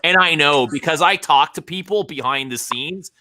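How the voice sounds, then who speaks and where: A man with a bright, forceful voice lays out his opinions in a casual chat. He is emphatic and somewhat preachy, hammering the same point again to make it land. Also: on the high side, moderate pace.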